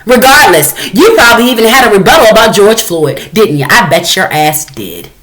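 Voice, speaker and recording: A woman's voice: mid-range voice, very animated, moderate pace, a bit bright, low-quality recording. A woman hosting a reaction commentary, talking in an angry, confrontational and profane way. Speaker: commentary host.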